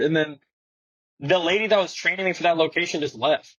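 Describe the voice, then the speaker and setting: A young man with a slightly high, husky voice rattles through a story in heavy street slang, swearing freely and putting on other people's voices as he goes. The recording is dull and close, with no room sound at all, like a muffled studio mic. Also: quick pace, no echo. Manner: slangy, animated, swears a lot, acts out quotes. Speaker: guest skateboarder. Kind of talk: casual storytelling.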